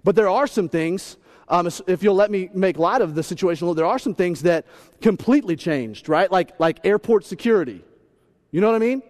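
A male pastor in his thirties, preaching with a playful, animated delivery. His voice sits high for a man, and he jumps into little acted-out voices as he goes. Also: brisk. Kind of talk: humorous sermon.

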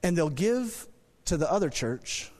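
A man preaching a sermon as pastor in a church, animated, rising loud when emphatic and dropping low to press his points. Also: measured pace. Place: church sanctuary.

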